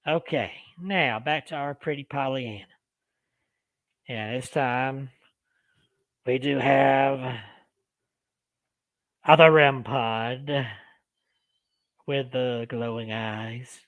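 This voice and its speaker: Man, paranormal vlogger, soft coaxing delivery, mid pitch. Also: steady tone, very slow, pauses often, muffled recording. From Alabama. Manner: soft-spoken, coaxing questions to a spirit. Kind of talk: casual paranormal investigation.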